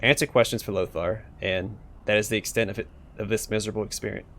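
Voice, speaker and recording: A man's voice: lowish voice, steady tone, fast, a bit bright, slight background noise. A man voicing a languid, bored talking skull of a pleasure-seeker, in a sultry, languorous manner.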